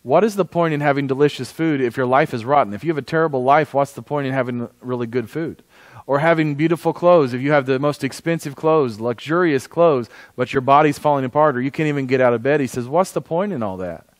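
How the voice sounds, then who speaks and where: A man's voice: medium pitch, fast talker, no echo. A man preaching a conversational sermon as pastor, often asking the congregation for an amen. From United States.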